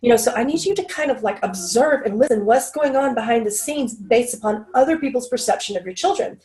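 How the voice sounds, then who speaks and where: Middle-aged woman guest, casual interview, lively and animated, voices quotes higher. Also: a little fast. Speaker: interview guest, channel and medical intuitive.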